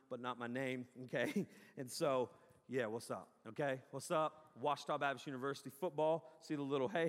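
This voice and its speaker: Male pastor, raised pitch, energetic self-mocking sermon, long hall reverb. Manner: joking, self-mocking, bursts into loud yells. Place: large hall on a stage.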